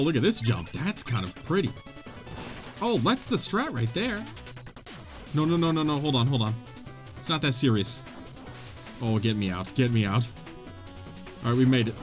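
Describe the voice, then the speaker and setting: A young man commenting on his own game playthrough, excitable and dramatic, with jokey yelps and groans. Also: mid-range voice. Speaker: gaming channel host. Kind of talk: let's play commentary.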